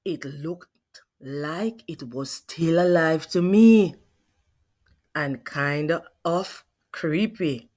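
A woman reading a picture book aloud to children, asking her young listeners questions as she goes. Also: low-pitched. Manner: slow, expressive, asks questions of listeners. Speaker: children's read-aloud host.

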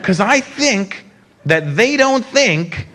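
A North American man doing a profane, animated stand-up routine on stage, speaking into a handheld mic. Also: high voice, slow pace. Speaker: stand-up comedian. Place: comedy stage before a live audience. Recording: live show with loud crowd and noise.

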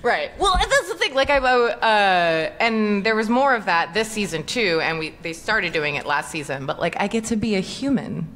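A woman with a bright voice, talking on a convention panel. Her pitch swings widely as she tells stories and laughs often. The sound comes from a live stream, with faint noise behind her. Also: moderate pace, hardly any pauses. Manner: laughs often, animated storytelling. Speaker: voice actor guest. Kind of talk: lively panel chat.

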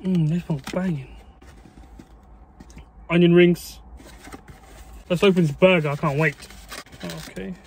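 Excitable man vlogging, noisy. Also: high-pitched, unhurried, pauses often. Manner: excitable and chatty, with mild swearing and "mate". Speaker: food vlogger. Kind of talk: casual food review vlog.

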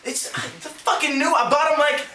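A man's voice: very high voice, fairly even intonation, normal speed, sharp tone, slight background noise. Rambling, laughing young man in an echoey room. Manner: rambling, swearing, breaking into laughs. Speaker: skit character ranting about his counter. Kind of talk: amateur comedy skit, confessional rant. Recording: echoey room, mic far off.

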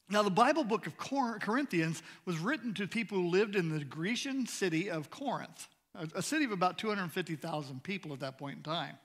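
A man in his sixties gives a storytelling sermon as a guest preacher, his fairly high voice carrying through a long church reverb. He talks in a folksy, jokey way and keeps asking the congregation to follow along. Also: expressive, brisk, a bit bright. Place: church sanctuary.

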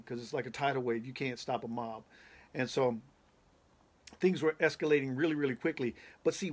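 A male pastor earnestly recounting a prophetic dream, talking emphatically and repeating himself for effect. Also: on the high side. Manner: emphatic, repetitive, building intensity. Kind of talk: preaching testimony of a prophetic dream.

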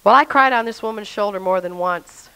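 A woman's voice: mid-range voice, a little fast, pushed and bright, smooth, rough recording. A woman telling her personal faith testimony in an earnest, emotional way, speaking straight to the listener.

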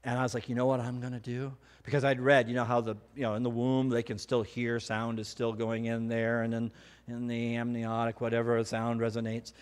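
A middle-aged man preaching a sermon, telling personal stories with animated, self-mocking humor. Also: mid-range voice, fairly quick, clean tone. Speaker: pastor. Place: church hall. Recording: hall reverb.

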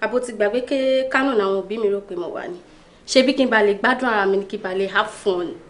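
A woman's voice: medium pitch, rapid-fire, slight background noise, lightly acted. An actress playing a young Nigerian woman who is brash and dismissive, switching between Yoruba and English. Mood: bantering. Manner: mixes Yoruba and English, blunt. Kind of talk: Nollywood film acting.

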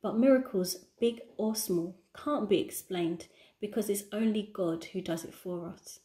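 A woman teaching a children's church lesson, explaining gently and encouragingly. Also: medium pitch, a little slow.

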